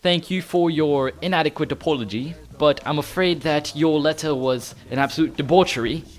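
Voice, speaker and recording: A man putting on a British accent to voice a very proper, indignant young British gentleman who speaks in stiff, pompous, formal phrasing. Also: a little high, normal speed, voice pushed up, natural voice. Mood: pompous indignation. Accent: put-on British.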